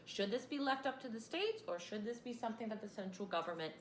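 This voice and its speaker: A woman's voice: a little high, lively intonation, fast, a little hiss or hum. Chatty woman teacher, echoey room. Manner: chatty, rambling with fillers and asides. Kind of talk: casual classroom lecture.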